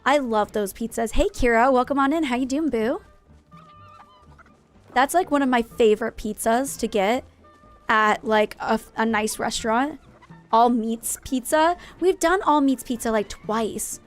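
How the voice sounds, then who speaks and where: A woman's voice: fairly high pitch, unhurried, soft background music. A woman live-streaming a game in casual chat, greeting viewers and going off on playful, jokingly dramatic rants.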